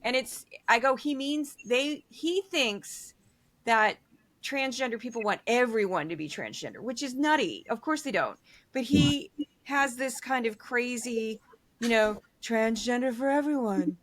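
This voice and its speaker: Animated high-voiced woman, political chat. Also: unhurried. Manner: animated, mimics quotes in funny voices, laughs often. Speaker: political commentator, guest. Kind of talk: casual conversation.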